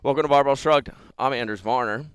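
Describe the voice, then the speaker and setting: Excited, smooth-voiced male podcast host. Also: medium pitch, dry recording. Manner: enthusiastic, animated, quick restarts. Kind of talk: excited casual chat. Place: company headquarters.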